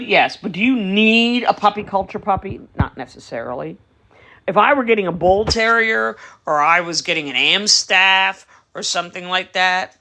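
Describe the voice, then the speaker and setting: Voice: mid-range voice, sharp tone. Chatty dog breeder on a live stream. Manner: chatty, explaining at length. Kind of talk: casual live-stream chat. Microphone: phone or device on a live stream.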